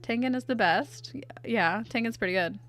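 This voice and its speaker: A woman's voice: a little high, moderate pace, a bit bright. A young woman chatting playfully with her live chat as she draws, answering them aloud. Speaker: artist streamer. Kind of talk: casual livestream chat while drawing.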